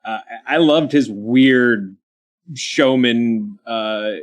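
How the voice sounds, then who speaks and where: A man from Kentucky hosting a casual panel chat, talking in quick asides full of ums and restarts. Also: medium pitch. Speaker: show host.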